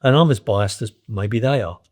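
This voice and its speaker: A man's voice: fairly low pitch, normal speed. Older Cockney man, blunt storyteller. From East London, England. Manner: blunt, anecdotal, frequent restarts. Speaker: guest. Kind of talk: casual storytelling conversation.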